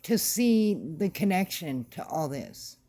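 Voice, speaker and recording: A woman's voice: lowish voice, animated, slow pace, mellow. A woman vlogger ranting to camera in a casual, blunt and emphatic way, repeating her points. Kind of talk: casual opinion rant to camera.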